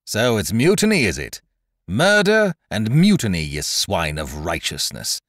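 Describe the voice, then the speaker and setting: A man's voice: fairly low pitch, huge pitch swings, a little slow, a bit bright, no room sound, clean studio sound, heavily acted. A man voicing a stern ship's captain who barks orders and cold rebukes. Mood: stern commanding. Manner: stern, commanding. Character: stern male ship captain, commanding.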